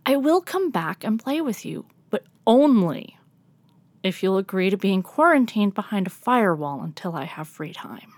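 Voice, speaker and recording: A woman's voice: mid-range voice, big pitch swings, moderate pace, darkish tone, no room sound. A woman voicing a flustered male cat ensign in a storybook, stammering and fussy. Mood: firm.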